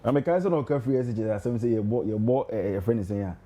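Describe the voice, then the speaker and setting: A man's voice: fairly low pitch, fast, mellow. A man with a Ghanaian accent, a campaign member on a talk show, teasing his opponents and laughing as he mixes Twi and English. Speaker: party campaign member, guest. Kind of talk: political debate talk.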